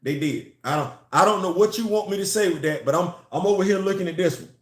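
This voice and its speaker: A man's voice: high-pitched, fast talker, echoey room. A man giving a casual, emphatic opinion vlog on comics and culture, repeating his phrases to drive points home.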